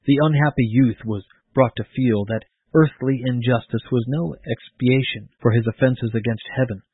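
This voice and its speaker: A man reads a 19th-century story aloud in a measured, formal way. His voice is husky and sits in a mid range. The recording is dry and thin, almost like a phone line. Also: medium pitch, dry recording. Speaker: narrator. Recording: tinny phone-like dry sound.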